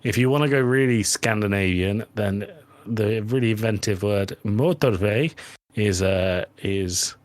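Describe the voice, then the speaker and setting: Guy riffing on a podcast, lowish voice, dead dry sound, lots of teasing. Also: measured pace, no room sound. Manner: animated, teasing, swears freely. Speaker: podcast co-host. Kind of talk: casual banter.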